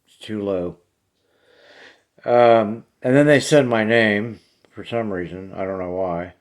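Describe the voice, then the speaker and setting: Plainspoken man with a lowish voice, a paranormal vlogger talking straight to camera. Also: takes it slowly. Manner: blunt and plainspoken. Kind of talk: casual talk to camera.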